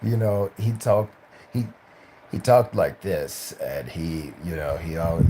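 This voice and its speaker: A man's voice: deep voice, unhurried, very noisy. A tired man, an actor, telling career stories on a casual live stream, rambling with many fillers and restarts and slipping into voices for other people. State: tired, late at night.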